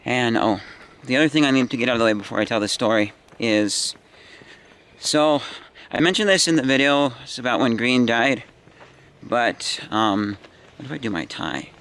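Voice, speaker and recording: A tired young man in his twenties rambles through a personal story, stopping and restarting often. His voice sits at an ordinary pitch, with faint traffic noise outside behind him. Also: lively intonation, fairly bright tone. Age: 20s. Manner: halting, meandering, many restarts and fillers. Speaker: vlogger.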